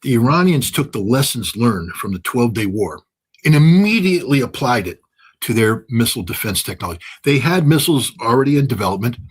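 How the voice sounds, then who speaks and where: Husky, blunt-talking male analyst. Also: medium pitch, very animated, a little fast. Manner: blunt, sarcastic, jokey. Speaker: guest analyst. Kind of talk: animated interview commentary.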